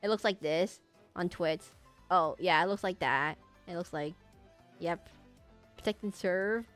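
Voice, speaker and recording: With a fairly low, somewhat slow female voice and soft music in the background, a streamer draws requests live. She talks casually to her chat, wandering from topic to topic and entertained by her own remarks.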